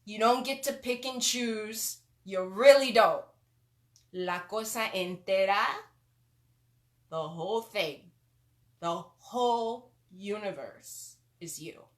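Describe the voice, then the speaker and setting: A woman hosting a spiritual teaching talk, speaking emphatically and swinging between loud stresses and soft asides. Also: mid-range voice, slow. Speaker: host.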